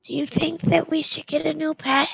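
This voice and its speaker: Woman player in a tabletop game, high voice, slow and hesitant, bit of fry. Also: level tone, poor audio. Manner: soft, hesitant and playful. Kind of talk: in-character tabletop role-play.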